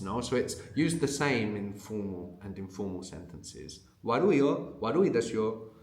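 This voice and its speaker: A man's voice: lowish voice, fairly bright tone, reverberant. A man teaching a language lesson. He explains patiently and often checks in with a questioning "no?".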